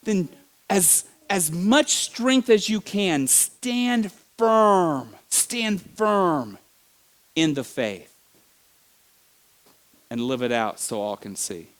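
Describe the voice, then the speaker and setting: Middle-aged guy preaching in church, a bit high-pitched, gets loud and animated telling stories. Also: takes it slowly, long pauses. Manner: animated storytelling, sudden shouts and laughs. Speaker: pastor. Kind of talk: sermon.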